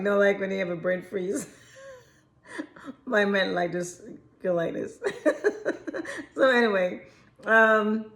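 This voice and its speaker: Giggly woman advice vlogger, higher voice, slow unhurried delivery, frank and chatty with her viewers. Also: a bit bright. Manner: giggly, keeps breaking into laughter; frank and chatty, addresses viewers as ladies and guys. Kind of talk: casual chat to camera.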